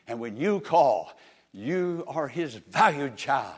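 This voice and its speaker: A man's voice: mid-range voice, sing-song, slow pace, breathy edge. A man preaching a sermon with passion, calling on the listeners to answer him, his delivery swelling and dropping. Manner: impassioned, rising and falling, calls on listeners to answer.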